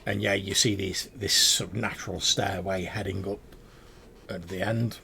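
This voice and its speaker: Low-voiced man running a tabletop game, gravelly, rambling, relaxed narration. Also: normal speed, slight background noise. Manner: loose, rambling descriptions. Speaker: game master.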